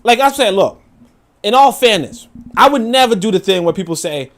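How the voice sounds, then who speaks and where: A man hosting a casual livestream, reacting to a video and chat with profane, animated talk, laughing asides and lots of fillers. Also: high voice, moderate pace.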